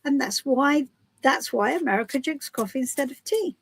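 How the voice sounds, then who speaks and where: A woman's voice: sits high, lively intonation, normal speed, gravelly, slight background noise, low-quality recording. A woman from the UK hosting a casual live stream as a tarot reader, chatty and giggly with many restarts. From United Kingdom.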